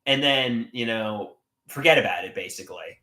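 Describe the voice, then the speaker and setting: A man chatting casually on a livestream, reading out viewer comments and rambling with theatrical swings in pitch and volume. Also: normal speed, pushed and bright, reverberant.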